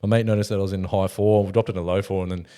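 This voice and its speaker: A young Australian man rattles off stories at a quick clip, sprinkling in swears and laughter as he goes. His delivery is loose and animated, the kind of casual yarn-spinning you hear between mates on a podcast. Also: deep voice, clear, resonant tone. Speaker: podcast guest. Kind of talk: casual storytelling chat.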